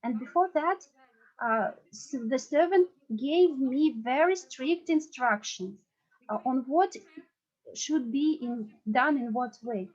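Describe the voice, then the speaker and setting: High-voiced woman telling an earnest story. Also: lively intonation, darkish tone, muffled recording. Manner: earnest and halting, with restarts. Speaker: disciple sharing a memory. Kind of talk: personal storytelling at a devotional gathering.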